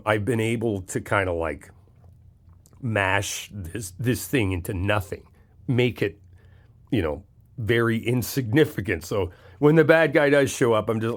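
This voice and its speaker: Male best friend for a comfort audio, animated and frank, casual swearing, reassuring. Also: lowish voice, unhurried. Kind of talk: comfort audio role-play.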